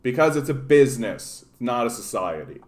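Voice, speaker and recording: A man from Canada hosts a casual political livestream, his voice sitting at an ordinary middle pitch. He rants with plenty of profanity and keeps turning aside to greet viewers in the chat. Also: very animated, normal speed, darkish tone.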